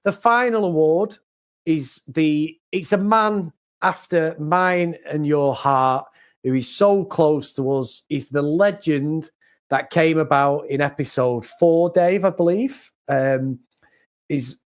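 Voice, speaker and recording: Chatty British man with a higher voice. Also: slow pace. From Britain. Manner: animated, laughing often, jokey. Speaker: podcast co-host. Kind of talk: casual chat.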